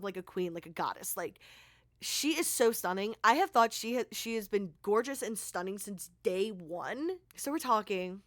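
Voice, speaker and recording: A woman's voice: medium pitch, expressive, normal speed, dry recording. Gushing young woman vlogger, dry sound. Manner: rambling, heavy use of "like", heartfelt and gushing. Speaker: content creator. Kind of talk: casual vlog recap.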